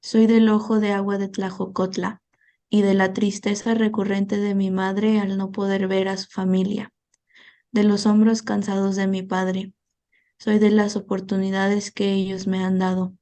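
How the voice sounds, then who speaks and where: A student guest, a woman from Mexico, who recites her poem in a measured way and moves between English and Spanish. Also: mid-range voice, level tone, mellow. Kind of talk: poetry reading.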